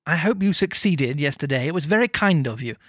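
A man's voice: a little high, lively intonation, a little fast, fairly bright tone, slightly rough, dry recording, clean studio sound. A man voicing an old miser turned cheerful, speaking eagerly and courteously.

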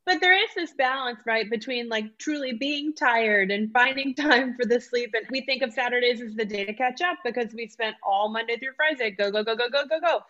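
A woman with a bright, sharp voice speaks as an interview host. She reflects thoughtfully and poses probing questions. The recording sounds dull and lo-fi. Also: on the high side, brisk, hardly any pauses. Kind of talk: conversational interview.

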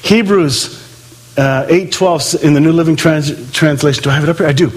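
Pastor, male, husky, fairly high pitch, animated sermon style with acted-out asides. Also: a little fast. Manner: animated, acts out quoted voices, swings loud and soft.

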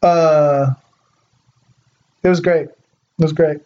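A young man from Southern California telling a story in casual chat, animated, laughing often and saying "like" a lot. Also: a little high, slow, muffled recording.

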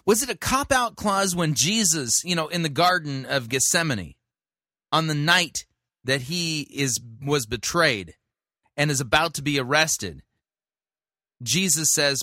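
Lively, bright-toned critical male reviewer. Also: on the high side, measured pace, dry recording, clean studio sound. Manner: critical, corrective, quotes scripture. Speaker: sermon reviewer, host. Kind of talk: critical commentary and preaching.

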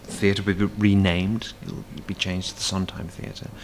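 A man's voice: deep voice, little pitch movement, unhurried, a little hiss or hum. A man, a stage performer, chatting as a guest in a casual cafe interview, rambling with many fillers and restarts.

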